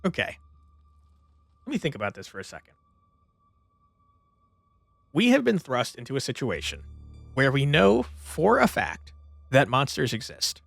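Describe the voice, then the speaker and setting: A man hosting a let's play, reading the game's text aloud and chatting casually between lines. His voice is gravelly and animated, recorded on a close mic in a dry room. Faint game music plays underneath. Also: mid-range voice, a little slow, long pauses, dry recording. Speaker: let's play gaming channel host.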